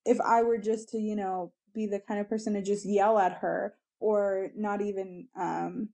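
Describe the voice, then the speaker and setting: A mother chatting casually about parenting, reflective and hesitant, with fillers and soft laughs. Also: mid-range voice, little pitch movement, normal speed, vocal fry.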